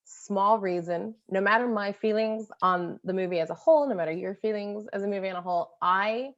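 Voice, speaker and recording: A woman co-hosting a casual movie discussion, telling stories in an animated, laughing way. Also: mid-range voice, fairly quick, highs cut off. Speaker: co-host.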